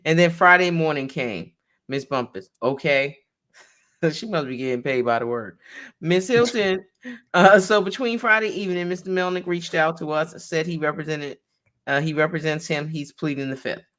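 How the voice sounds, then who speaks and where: A woman attorney reads a court transcript aloud, naming each speaker before their line and stopping to explain it. Her voice sits low with a slightly bright quality.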